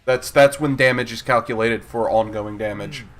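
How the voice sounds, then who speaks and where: A man's voice: fairly low pitch, steady tone, normal speed, fairly bright tone, soft background music. A man running a tabletop game as game master, narrating with many fillers and restarts. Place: live stream.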